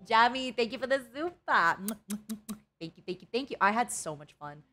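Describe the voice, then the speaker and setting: A woman's voice: fairly high pitch, animated, normal speed, sharp tone. A young woman streaming a casual chat, dramatic and emotional, laughing often, with faint music behind.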